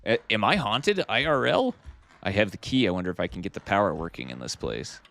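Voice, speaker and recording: Gravelly and a bit bright, this man's voice sits on the low side with big pitch swings and a brisk pace. Streaming a game live from home, he chats casually, thanks viewers, and muses aloud, over a little hiss or hum.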